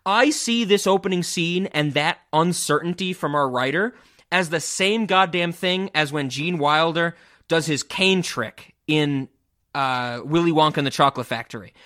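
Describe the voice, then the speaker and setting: A man's voice: fairly high pitch, a bit bright. A man hosting a casual film discussion podcast over a remote call, enthusiastic and rambling, swearing casually. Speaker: podcast host. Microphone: remote podcast call, cameras off.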